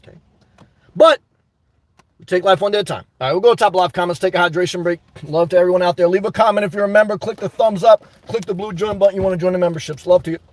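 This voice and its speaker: Hosting a live stream, a sweating, fired-up man launches into an emphatic rant about his life and shouts out those who support him. His voice sits high and runs quick, with no room sound.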